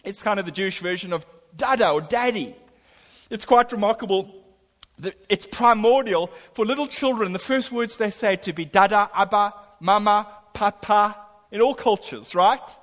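A man's voice: sits high, normal speed, a bit bright. Impassioned preacher man in a reverberant hall. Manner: impassioned preaching, voice swelling on key lines. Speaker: pastor. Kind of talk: sermon.

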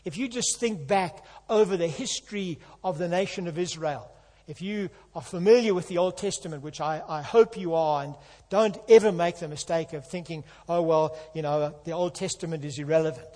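A man preaching a sermon, earnest and emphatic, building to loud passages. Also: a little high, moderate pace. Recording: long hall reverb.

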